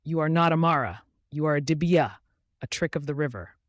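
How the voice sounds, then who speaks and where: A man's voice: on the high side, fairly quick, dry recording, clean studio sound, natural voice. A man voicing a roaring, furious father. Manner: roaring, hostile. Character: furious father wielding a machete.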